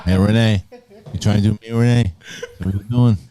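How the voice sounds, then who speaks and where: A man's voice: lowish voice, steady tone, a little fast, over a noisy crowd. A man hosting a live talk show, teasing his guests in casual, repetitive banter. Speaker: host. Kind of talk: casual chat.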